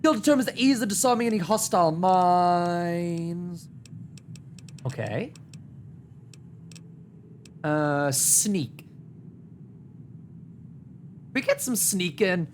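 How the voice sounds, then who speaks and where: Animated male streamer with lively pitch. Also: slow pace, long pauses, a little hiss or hum. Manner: animated, joking trash talk at enemies, big pitch swings. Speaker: gaming streamer. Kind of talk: live gameplay commentary.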